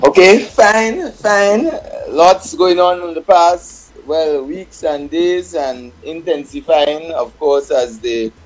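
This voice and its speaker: A man interviewed by phone on a radio show, speaking in a measured, informative way. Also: fairly high pitch. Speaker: guest on the phone. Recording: dull lo-fi phone line.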